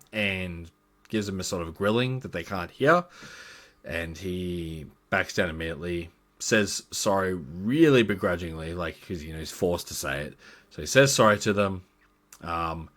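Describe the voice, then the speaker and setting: Brief: a low-voiced man as game master, giving a loose, rambling recap of a tabletop campaign. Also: fairly bright tone. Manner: rambling, with many fillers.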